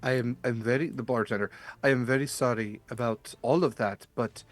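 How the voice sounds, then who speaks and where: A man's voice: mid-range voice, fairly even intonation, faint music behind, natural voice. A man voicing a nervous male bartender in a tabletop game who apologizes and stumbles over his words. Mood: anxious. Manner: anxious, halting apologies.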